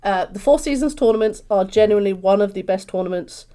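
A young woman from London with a British accent, a guest chatting in an interview, bubbly and expressive. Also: medium pitch, fast, clean tone. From London, England. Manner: bubbly, expressive, swings into animated voices. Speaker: podcast guest. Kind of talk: casual interview chat.

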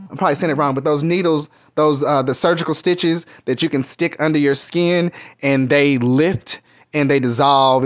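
This vlogger, a middle-aged man from Kentucky, USA, speaks in a high-ish, fairly bright voice. He tells profane, candid stories in a loose, rambling way, captured on muffled lo-fi audio.

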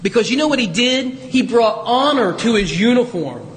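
A man's voice: very high-pitched, animated, normal speed, fairly bright tone, slight background noise. An older man, a priest, giving a conversational, folksy homily with asides and chuckles in a church. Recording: reverberant church from a distance.

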